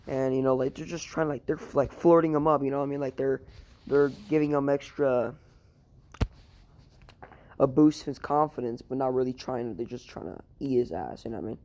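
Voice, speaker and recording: A man's voice: mid-range voice, brisk, a little mellow. A tired young man improvising a fan story, rambling and crude, full of fillers and swearing. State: tired, sleepy.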